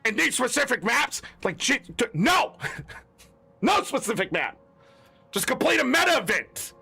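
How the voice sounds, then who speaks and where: Male gaming creator, high bright voice, gravelly, exasperated swearing rant over faint music. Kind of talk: ranting commentary.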